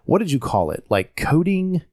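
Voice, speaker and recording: A man's voice: on the high side, wildly swooping pitch, moderate pace, darkish tone. A man from North Carolina with a Southern accent, talking casually on a podcast in a rambling way, often restarting his sentences. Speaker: podcast host. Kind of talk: casual chat.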